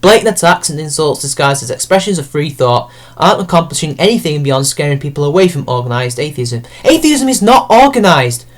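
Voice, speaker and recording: A man's voice: fairly high pitch, big pitch swings, brisk, hardly any pauses. A man giving a sarcastic, profane rant as an online commentator picking apart an article.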